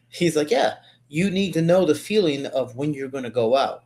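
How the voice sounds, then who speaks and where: A man's voice: on the high side, expressive, moderate pace, a little mellow. A man in a casual podcast chat, talking loosely and swearing casually.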